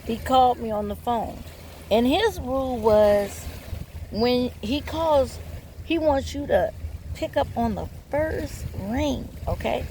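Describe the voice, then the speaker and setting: A woman with a fairly high voice tells her own story in a blunt, candid way. She swears freely and keeps talking straight to her viewers as she gives advice. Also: lively intonation, takes it slowly, mellow, a little hiss or hum. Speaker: vlogger giving relationship advice.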